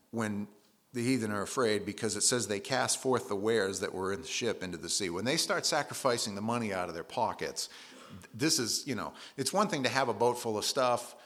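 A man's voice: fairly low pitch, fairly bright tone. A man preaching a conversational sermon, retelling scripture in everyday words with casual asides.

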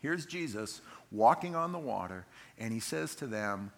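A male preacher tells a Bible story with plenty of animation. His voice is bright and forceful, and it swings widely in pitch as he acts out each scene. His delivery is conversational and dramatic. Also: lively intonation, moderate pace, creaky. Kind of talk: sermon.

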